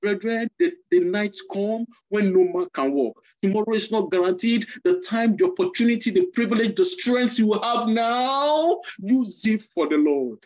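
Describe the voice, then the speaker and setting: An emphatic preacher delivering a sermon, pressing the same points again and again as they urge the listeners on. The voice sits at a middling pitch, heard through a dull, muffled lo-fi recording. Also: animated, normal speed, few pauses, a little mellow. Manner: exhorting, repetitive, emphatic.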